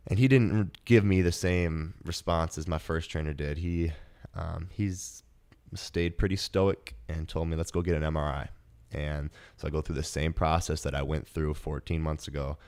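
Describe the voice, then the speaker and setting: A man's voice: rumbling low, a little mellow, smooth. A man in his twenties hosting a podcast, telling a personal story in an earnest, emotional way, with many fillers and restarts. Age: 20s. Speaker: podcast host.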